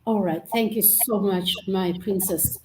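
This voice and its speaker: A woman's voice: mid-range voice, fairly even intonation, a little slow, reverberant, noisy background. Emphatic woman with a Xhosa accent. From South Africa. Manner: emphatic, preacher-like, rising bursts. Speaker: host. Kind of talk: inspirational speech on a video call. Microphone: video call.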